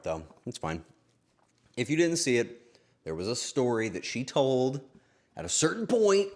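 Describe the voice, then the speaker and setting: A young man hosting a stream, telling a story to his chat in a casual, swearing, animated way. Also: fairly low pitch. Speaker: streamer host.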